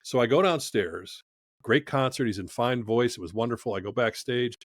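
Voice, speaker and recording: A man's voice: mid-range voice, moderate pace, no echo. A man who is a podcast guest, telling a story in conversation from his studio, acting out the dialogue as he goes.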